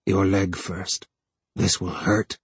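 A male narrator voicing a grim, desperate man who speaks low and gruff through clenched teeth. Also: normal speed, a little mellow, dry recording, lightly acted.

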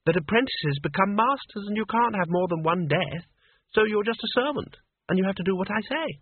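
A man's voice: very high-pitched, huge pitch swings, brisk, husky, no room sound, voice pushed up, full character voice. A man reading an audiobook, voicing a haughty, spoiled teenage girl who snaps demands. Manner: snappish, demanding. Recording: tinny lo-fi phone-like audio.

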